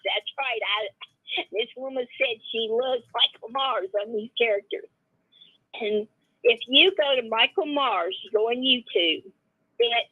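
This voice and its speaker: A woman with a high, breathy voice calls in to chat. She talks slowly, giggles, and trips over her words. The call comes through a tinny phone line with a dry sound. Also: dry recording. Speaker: caller.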